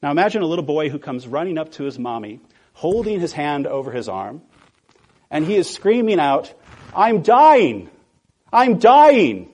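Husky-voiced pastor preaching with emphasis. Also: male voice, fairly high pitch, sing-song, darkish tone. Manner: emphatic, rhetorical questions, slows down to stress key words. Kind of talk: sermon.

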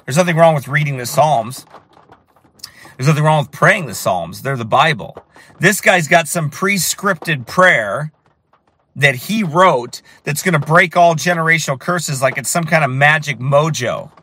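A man preaching with fire and emphasis as he tells a story, at times rising to shouts. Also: fairly high pitch, animated, unhurried, breathy edge. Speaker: street preacher. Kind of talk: preaching while telling a story.

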